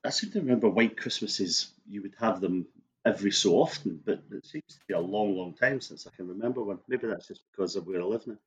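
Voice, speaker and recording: Middle-aged Scottish man, low-pitched, easygoing guest telling anecdotes. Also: animated, brisk, slightly rough, highs cut off. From Scotland. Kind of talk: casual interview chat.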